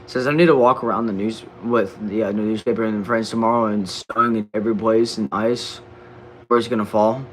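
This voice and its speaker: A man's voice: lowish voice, steady tone, fairly quick, a little hiss or hum, rough recording. A young man with a Southern accent from Texas, casually reading viewers' comments on a livestream in a slangy, laid-back way, often stumbling over and repeating words. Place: back shed.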